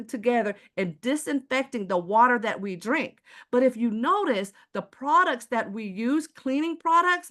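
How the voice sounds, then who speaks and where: A woman's voice: fairly high pitch, fairly bright tone. A woman from Houston with a Texan accent, giving a live online sales presentation and asking the audience rhetorical questions. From Houston, Texas.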